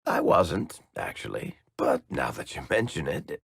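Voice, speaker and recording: A gravelly, wry dwarf storyteller. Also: male voice, a bass voice, wildly swooping pitch, a little slow, a bit bright, no echo, studio quality, full character voice. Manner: sarcastic, needling banter. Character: wry, teasing male dwarf storyteller, middle-aged. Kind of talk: video game companion dialogue.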